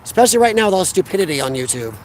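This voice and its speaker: Man, high voice, chatty and rambling, outdoors, faint background noise. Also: big pitch swings, racing. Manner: chatty, rambling, answers chat. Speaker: vlogger live-streaming. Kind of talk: casual live-stream chat. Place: outdoors by a parked car.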